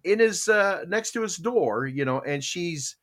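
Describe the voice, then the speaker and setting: Animated man telling stories. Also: high-pitched, a little slow. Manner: animated storyteller, acts out both sides of quoted exchanges. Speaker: panel host. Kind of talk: casual chat retelling stories.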